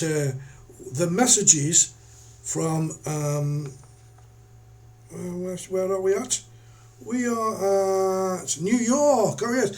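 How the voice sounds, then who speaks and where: Older vlogger, high-pitched, rambling and sarcastic. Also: male voice, a little mellow. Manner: rambling, sarcastic, restarts often. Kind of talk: casual commentary vlog.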